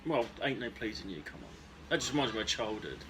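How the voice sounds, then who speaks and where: A man's voice: fairly low pitch, big pitch swings, fast, crowd noise. A man from East Anglia co-hosting a podcast, rambling through crude, jokey banter. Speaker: podcast co-host. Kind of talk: casual chat. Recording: background noise.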